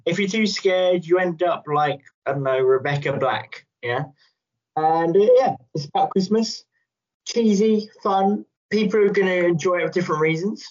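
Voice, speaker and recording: A man's voice: high-pitched, normal speed. A man chatting casually on a podcast, rambling and playful, often laughing. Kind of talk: casual chat. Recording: dull lo-fi sound.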